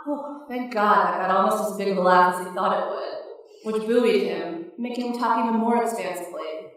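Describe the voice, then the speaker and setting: A woman reading a novel aloud in steady, wry audiobook narration. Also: mid-range voice, normal speed. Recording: echoey, distant mic.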